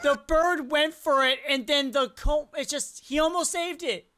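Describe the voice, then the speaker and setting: With a high-sitting voice and a measured pace, a reaction video host comments casually on fail clips. The delivery is animated and full of exclamations, imagining the thoughts of the people and animals on screen.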